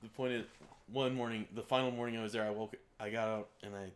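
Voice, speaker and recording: Speaking quickly in a low-leaning, steady voice, this man with a Texas accent co-hosts a podcast. He wanders through a casual anecdote peppered with fillers.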